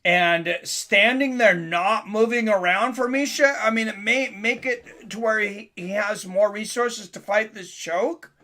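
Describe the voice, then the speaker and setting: A man doing casual live commentary on a fight for his stream chat, getting louder and more excited at big moments. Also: high voice, a little slow, hardly any pauses.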